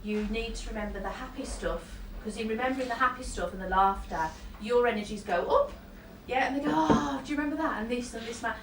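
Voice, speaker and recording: Talking quickly with few pauses, a woman with a slightly high voice gives a chatty psychic reading to a live crowd. She laughs frequently and breaks off for apologetic asides. The recording, made in a roomy hall with a distant mic, carries faint noise.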